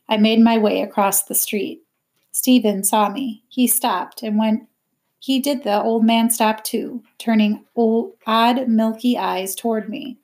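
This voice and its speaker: A woman reading a novel aloud in a steady, plain first-person narration. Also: medium pitch. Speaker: reader.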